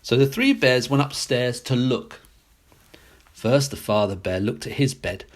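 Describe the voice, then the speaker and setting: A man reading a classic fairy tale aloud as a storyteller, expressive and sing-song. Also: medium pitch, a little slow.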